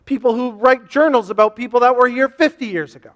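A man's voice: extremely high pitch, fast talker, fairly bright tone. A man pastor preaching a sermon in a church, earnest and repetitive, voicing the questions his listeners ask. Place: church sanctuary. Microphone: to a camera for online viewers. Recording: long hall reverb.

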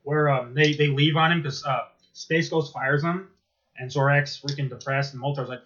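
A man chatting casually and excitedly, rambling and swearing as he retells cartoon bits. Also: on the high side, normal speed, muffled recording. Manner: excitable, rambling, swears a lot, laughs often. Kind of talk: casual chat.

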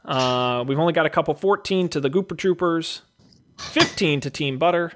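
A man's voice: fairly high pitch, normal speed, fairly bright tone. A man hosting a casual show, reading out movie blurbs and calling bids like a jokey auctioneer. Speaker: host running a movie draft auction. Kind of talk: casual podcast chat.

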